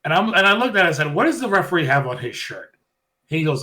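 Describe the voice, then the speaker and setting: A man's voice: mid-range voice, fast talker. Chatty man recapping with quoted voices. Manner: animated retelling, acting out quotes. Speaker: podcast co-host. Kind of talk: casual wrestling recap chat.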